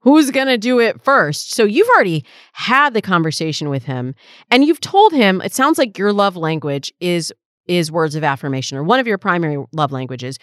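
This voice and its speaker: A woman's voice: lowish voice, no room sound, studio quality. A woman in her forties hosting an advice podcast, answering listener questions as a dating coach in a reflective, conversational way.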